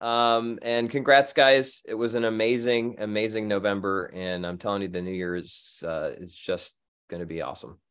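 A man's voice: on the low side, steady tone, moderate pace, fairly bright tone, clean tone. A man hosting an upbeat company meeting over a video call, talking casually with lots of fillers. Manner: enthusiastic, casual, many fillers. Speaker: host of team meeting.

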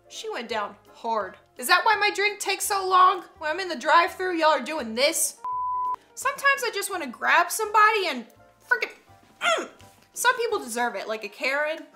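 A woman's voice: high voice, bright, forceful tone. A young woman hosting a vlog, chatting casually and reacting to clips with sassy, talkative asides. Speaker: YouTuber host.

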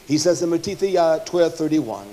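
A man preaching a fervent sermon, swinging from loud, forceful passages to low, quiet stretches, with many filler sounds between phrases. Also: lively intonation, moderate pace. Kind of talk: fiery sermon.

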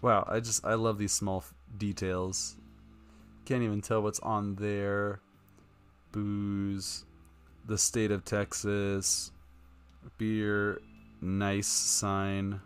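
A man reading a text adventure aloud on a live stream, casual and dry, tossing in wry asides. His voice is very low, and faint music plays in the background. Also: completely flat delivery, drawn-out words, long pauses, clear, resonant tone.

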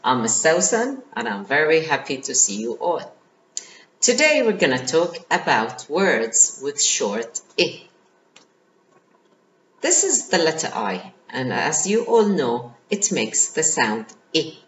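A woman's voice: deep voice, big pitch swings, slow, fairly bright tone, dull audio, a little hiss or hum. A woman teacher giving a phonics lesson to young children, sounding out letters and words one by one. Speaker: kindergarten teacher.

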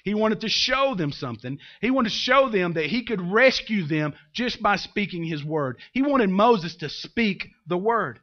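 A man's voice: high-pitched, animated, a little slow, hardly any pauses, lo-fi sound. A man preaching a sermon as pastor, telling the story with humor and acting out the characters.

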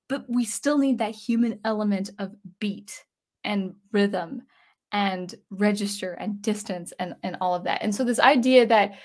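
A woman composer hosting a video, ranting casually and rambling as she thinks aloud. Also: fairly high pitch. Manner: rambling, self-interrupting, animated. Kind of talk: casual rant vlog.

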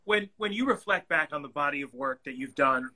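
A man's voice: a little high, expressive, brisk, bright, forceful tone, rough recording. A man hosting a podcast interview, asking earnest, reflective questions. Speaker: podcast host.

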